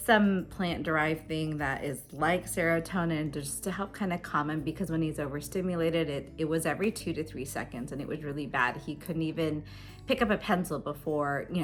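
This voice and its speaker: A woman in her thirties chatting casually to camera as a homeschooling mom, laughing often between her fillers. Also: low-pitched. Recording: faint music behind. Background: faint background music.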